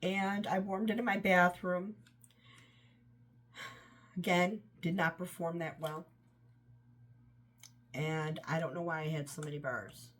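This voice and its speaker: A woman's voice: fairly low pitch, fairly even intonation, slow, pauses often. A woman casually reviewing wax scents, rambling and enthusiastic, trailing off often, her voice tired and run down. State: voice tiring, run down. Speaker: home fragrance vlogger.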